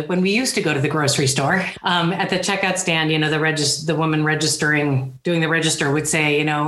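A woman's voice: fairly low pitch, a bit bright, roomy sound. A woman speaking as an interview guest, earnest and rambling, with self-deprecating humor. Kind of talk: candid personal interview.

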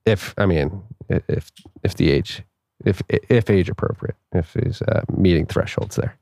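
A man's voice: low voice, measured pace, vocal fry, darkish tone, no room sound, clean studio sound. A man co-hosting a podcast, chatting casually and reading out news with jokes, laughs and fillers. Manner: joking, laughs often, trails off with fillers. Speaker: podcast co-host.

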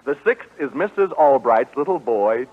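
A man's voice: mid-range voice, animated, normal speed. A man hosting a live radio game show, jovial and joking, often laughing along with contestants. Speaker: quiz show host. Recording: old lo-fi radio broadcast with faint hiss.

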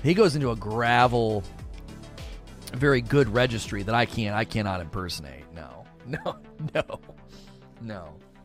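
A man hosting a casual livestream, reading viewer chat aloud and rambling in a relaxed way, often laughing and repeating himself. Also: lowish voice, a little slow, pauses often, soft background music.

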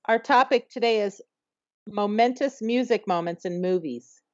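A woman's voice: mid-range voice, normal speed, no echo. Rambling woman co-host, lo-fi sound. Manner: rambling, retells scenes at length. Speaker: podcast co-host. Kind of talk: casual chat. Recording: dull lo-fi sound.

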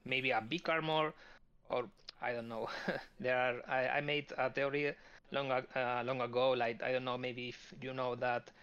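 A man chats casually as a podcast guest, halting often and filling gaps with ums and uhs while he searches for words. His voice comes through a dull, lo-fi recording. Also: mid-range voice, level tone, a bit bright, smooth. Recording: dull lo-fi audio.

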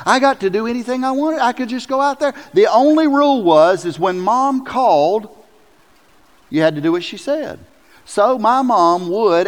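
A man preaching a sermon as pastor, telling stories with lively, acted-out quotes. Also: high-pitched. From South Carolina. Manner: animated storytelling, jumps into loud acted quotes. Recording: long hall reverb.

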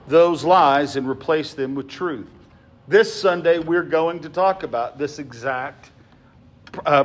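A man preaching a sermon as pastor, swinging from emphatic lines to soft, hushed ones and often asking his listeners "right?". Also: a little high, lo-fi sound.

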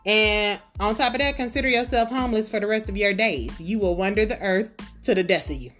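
A woman's voice: mid-range voice, brisk, a bit bright, soft background music, lightly acted. A woman doing a stern God who talks in a plain, scolding way. He fires off pointed questions and lays down firm judgments.

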